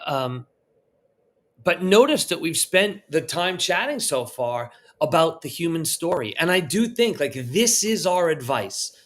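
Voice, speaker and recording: A man's voice: on the high side, very animated, measured pace, a bit bright. A man, a restaurant founder on a live panel, speaking in a conversational, reflective way.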